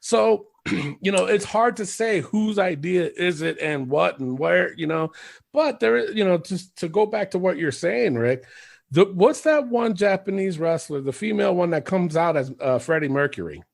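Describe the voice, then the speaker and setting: Man, high voice, gravelly fry, rambling casual podcast chat, swears, laughs. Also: expressive, normal speed. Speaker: podcast co-host.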